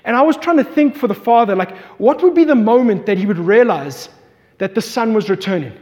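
A man with a high, light voice preaches a sermon in a large hall, and his words ring out with a long reverb. He tells the story vividly and acts out the voices of the people in it. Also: lively intonation, fairly quick, darkish tone.

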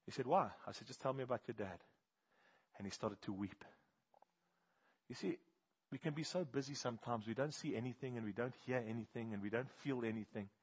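A man preaching a sermon, telling animated stories and swinging from loud bursts to hushed, slow appeals. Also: mid-range voice, breathy edge. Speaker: pastor. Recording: dull, muffled sound.

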